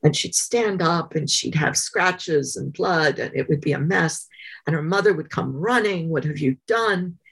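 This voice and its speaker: A woman speaks in a deep, husky voice as an interviewed biographer. She tells anecdotes conversationally. She pauses often, restarts phrases and fills gaps with ums. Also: a bit bright, poor audio. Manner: thoughtful, frequent um fillers and restarts. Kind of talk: conversational storytelling.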